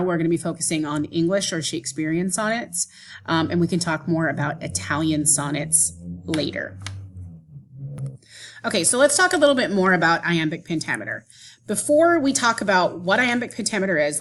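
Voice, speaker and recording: A woman teacher giving a recorded lesson, explaining step by step in a clear, patient way. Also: fairly low pitch. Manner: clear, patient explaining, tapping out rhythms aloud. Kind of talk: classroom video lesson.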